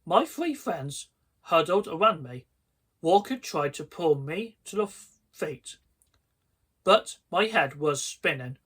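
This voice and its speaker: A man reads a children's horror story aloud, slow and deliberate, sometimes backing up over his words. His voice sits a little high and sounds bright, with a faint husky grain. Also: animated.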